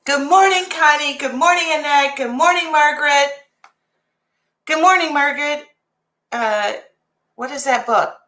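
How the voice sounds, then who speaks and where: Bright, chatty woman hosting a livestream. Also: unhurried, long pauses, echoey room. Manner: chatty, greets viewers by name; voice jumps high when excited. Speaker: host. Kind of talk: casual livestream chat. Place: her art studio.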